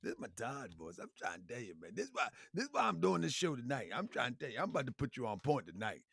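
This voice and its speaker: A man's voice: mid-range voice, wildly swooping pitch, fast talker, vocal fry, a bit bright, breathy edge, no room sound, studio quality. A man hosting a live stream, talking loosely to his viewers with frequent laughs, repeated phrases and calls of fam. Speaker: livestream show host. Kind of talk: casual livestream talk to viewers.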